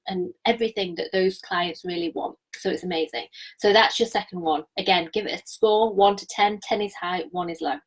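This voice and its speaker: A woman, giving a live-streamed coaching talk in an energetic, chatty way and laughing often. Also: mid-range voice, low-quality recording. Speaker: business coach.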